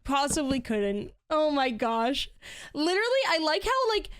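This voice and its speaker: A woman's voice: high-pitched, very animated, normal speed, a bit bright, slight background noise. A woman streaming and chatting casually while she builds in a game, laughing often.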